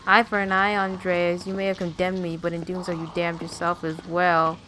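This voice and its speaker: A woman reading the lines of a vengeful old widow's ghost in a story game, louder and higher than her own voice. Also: flat delivery, normal speed, slight background noise, close to an everyday voice, low-quality recording. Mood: accusing. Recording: game music behind.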